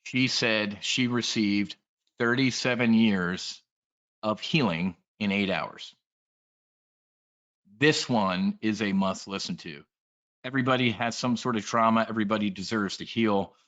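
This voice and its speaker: A man delivers an animated trading briefing, joking and calling out to the room. His voice is bright and pushed forward. The recording is muffled and lo-fi. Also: on the low side, unhurried. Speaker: trading educator. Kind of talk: energetic presentation to an audience. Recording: dull lo-fi sound.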